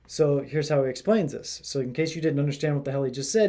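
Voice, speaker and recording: Guy doing casual political commentary, kinda high voice, rambly with lots of ums and likes. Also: animated, fast talker, hardly any pauses, dark tone. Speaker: commentary host.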